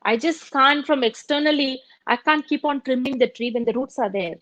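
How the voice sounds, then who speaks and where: A woman's voice: sits high, normal speed, fairly bright tone, dry recording, poor audio. A middle-aged woman teaching meditation in a spiritual talk, telling stories and acting out the dialogue in them. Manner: storytelling, acts out quoted dialogue.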